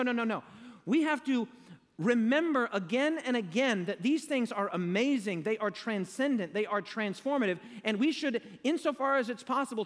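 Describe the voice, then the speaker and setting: A man's voice: sits high, big-room sound. A man preaching a sermon to a live audience, emphatic and leading them in call-and-response.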